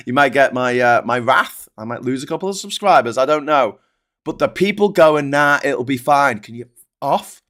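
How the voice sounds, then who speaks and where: A man's voice: medium pitch, fairly bright tone. A man hosting a political livestream, ranting in an exasperated, sweary way. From United Kingdom.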